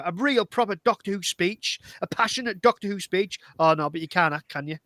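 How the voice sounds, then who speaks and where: Bright, high-voiced man with a Northern English accent. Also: a little fast, hardly any pauses, dry recording. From northern England. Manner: animated and indignant, acts out speeches. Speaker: podcast co-host. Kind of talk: casual podcast discussion.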